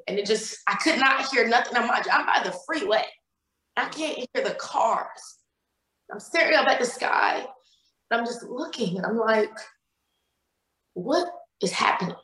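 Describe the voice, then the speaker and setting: A woman's voice: mid-range voice, fairly bright tone. Woman telling an emotional story, echoey room. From Cleveland, Ohio. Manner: emotional retelling with many repeated words and quoted dialogue. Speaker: guest. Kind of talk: personal storytelling in a podcast interview.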